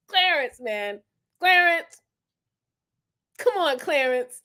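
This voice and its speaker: High, bright-voiced woman scolding the screen. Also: animated. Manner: scolds the person on screen, swears, drawn-out exclamations. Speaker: reaction video host. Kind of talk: reacting aloud to crime footage.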